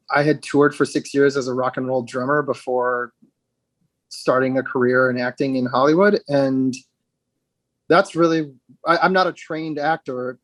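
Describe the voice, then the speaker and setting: A man speaking as an interview guest, reflective and halting, with frequent restarts and fillers. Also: mid-range voice, no echo. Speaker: guest, actor with dwarfism.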